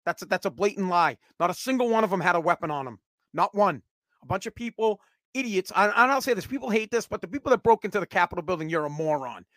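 A man's voice: sits high, a bit bright, no echo. A man giving a heated, sarcastic political rant, swearing and repeating himself as he gets worked up. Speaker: political commentator.

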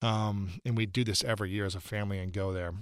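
A man's voice: fairly low pitch, fairly even intonation, fast talker, clear, resonant tone, no echo, clean studio sound. A man in his thirties, a podcast guest, telling a personal story in an earnest, reflective way and repeating phrases for emphasis. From United States.

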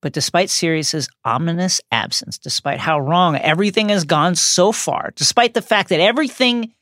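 A man's voice: fairly high pitch, moderate pace, fairly bright tone, no room sound, clean studio sound. A man co-hosting a podcast, retelling and reading scenes with dramatic, rising emphasis. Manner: builds tension with rising, emphatic phrasing. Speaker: podcast co-host.

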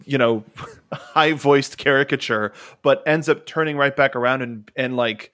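On a podcast, a male co-host recaps an anime in casual chat, telling the story animatedly and acting out the quotes. His voice is medium-pitched and unhurried, recorded with clean studio sound and no echo.

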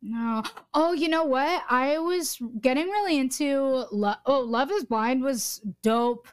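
Young woman guest, emphatic and swears a lot, kinda high voice, dry close sound. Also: a little slow, clean tone, no room sound. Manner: animated, swears freely, emphatic. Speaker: podcast guest. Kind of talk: casual chat.

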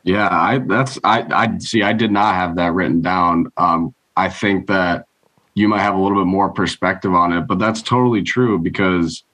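A man co-hosting a casual podcast, speaking in a measured, agreeable way and sometimes searching for his words. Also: deep voice, steady tone, fairly bright tone, low-quality recording. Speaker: podcast co-host.

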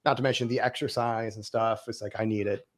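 A man's voice: lowish voice, fairly even intonation, fast. Rambling man in his late twenties. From Southern US. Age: 20s. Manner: rambling, many fillers and restarts. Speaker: guest. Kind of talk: casual conversation.

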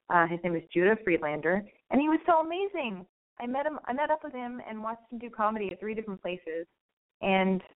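A young adult woman hosting a call-in advice radio show, talking candidly and rambling with profanity. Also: fairly low pitch. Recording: phone-like narrow band.

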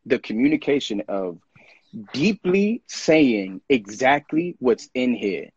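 A man's voice: mid-range voice, big pitch swings, slow, husky, no room sound, lo-fi sound. A man talking casually and earnestly in a podcast conversation, reflecting on friendship and feelings and acting out what others say. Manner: earnest, reflective, acts out quoted voices.

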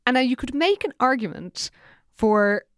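A woman's voice: fairly high pitch, expressive, moderate pace, clear, resonant tone, dry recording. Female podcast co-host, enthusiastic and amused, dry close sound. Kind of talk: book discussion and reading aloud.

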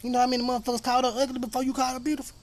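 High-voiced man ranting on a podcast. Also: little pitch movement, rapid-fire. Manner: emphatic, profane, preachy and rambling. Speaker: podcast host. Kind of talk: casual monologue.

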